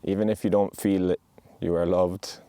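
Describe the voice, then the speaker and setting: Out on a mountain, a podcast host delivers a heartfelt monologue in a low, mellow voice, earnest and reassuring. His delivery is flat at a moderate pace, and the sound is close and dry.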